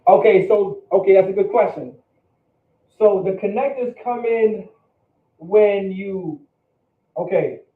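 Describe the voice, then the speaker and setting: Distant teacher's voice in a roomy hall. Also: male voice, high-pitched, slow pace, long pauses, phone-quality sound. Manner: patient, checks understanding with repeated questions. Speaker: Hebrew class teacher. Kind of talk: classroom teaching.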